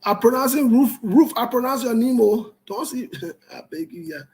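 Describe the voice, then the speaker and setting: A man's voice: extremely high pitch, poor audio. A man hosting a call-in talk show, greeting callers one by one and then turning to political commentary. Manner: greets callers by name in a steady string, joking asides; slow, deliberate delivery.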